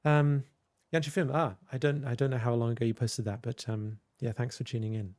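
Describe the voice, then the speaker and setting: Man, livestream host, casual rambling chat, lots of ums, mellow tone, dry close sound. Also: medium pitch, steady tone, brisk, dry recording. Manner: rambling, hesitant, many fillers. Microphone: desk microphone with headphones.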